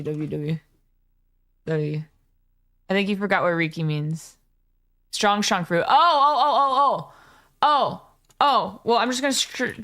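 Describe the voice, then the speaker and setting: A woman chatting casually on a live stream, her voice sitting at an ordinary middle pitch. She is excitable and chatty, and she swears freely as she reacts and talks to her viewers.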